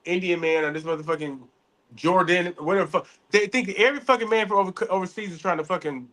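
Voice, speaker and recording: A man chatting casually as a podcast co-host, telling animated stories full of cursing. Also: high-pitched, fast. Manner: animated storytelling, heavy cursing. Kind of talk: casual chat.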